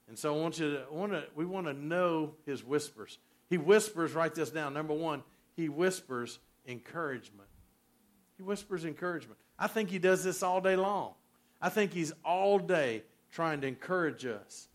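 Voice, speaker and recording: A man preaching a sermon as pastor, folksy, swinging from loud emphasis to soft near-whispers. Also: a little high, lively intonation, moderate pace.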